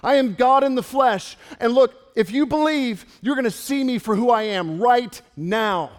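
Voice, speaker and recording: Pastor doing jesus, bold proclaiming guy, high voice, big churchy reverb. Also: lively intonation, normal speed. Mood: insistent. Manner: bold, proclaiming first-person declarations. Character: Jesus, a commanding adult man.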